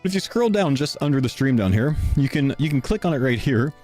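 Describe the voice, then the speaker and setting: A man's voice: mid-range voice, big pitch swings, fast, a little mellow, soft background music. A young man live-streaming a sponsor read, out of breath and chatting casually to his viewers. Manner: casual, chatty, talks to chat.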